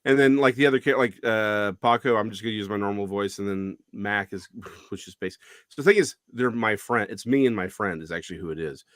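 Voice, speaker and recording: Chatty male guest, animated, low-ish voice, dry close sound. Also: a little fast, no echo. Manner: lively, talkative, frequent self-corrections. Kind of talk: casual conversation.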